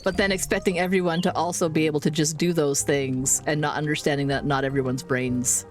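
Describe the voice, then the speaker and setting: A woman's voice: low voice, steady tone, brisk. A woman in her forties chatting casually on a live game stream, rambling, swearing casually and laughing often. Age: 40s. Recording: faint music behind.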